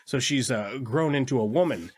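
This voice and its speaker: A man's voice: mid-range voice, moderate pace, darkish tone, breathy edge. Casual, profane man reviewing movies. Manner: loose, profane, laughing retellings of scenes. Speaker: podcast co-host.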